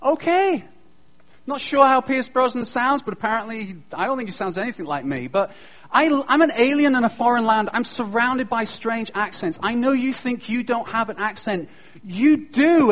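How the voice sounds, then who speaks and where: A man's voice: extremely high pitch, normal speed. A man with a British accent giving a humorous, self-deprecating chapel talk to school students. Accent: British English. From Britain. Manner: joking, self-deprecating, lively storyteller.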